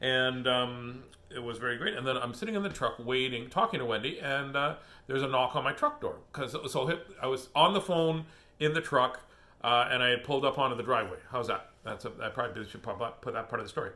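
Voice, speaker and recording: The host, a middle-aged man, reads children's books aloud in a relaxed setting, speaking a little fast at a medium pitch with a pushed, bright voice. Easily sidetracked, he rambles and laughs as he chats.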